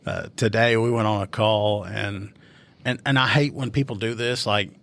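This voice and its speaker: Low-voiced man, chatty and opinionated. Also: steady tone, fairly bright tone. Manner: chatty, opinionated, quick to laugh. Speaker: police officer and podcast co-host. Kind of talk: casual chat.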